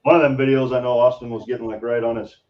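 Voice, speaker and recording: A man's voice: medium pitch, little pitch movement, fast. A man who is a guest on a live stream, chatting in a laid-back, drawling way. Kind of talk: casual chat. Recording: dull lo-fi sound.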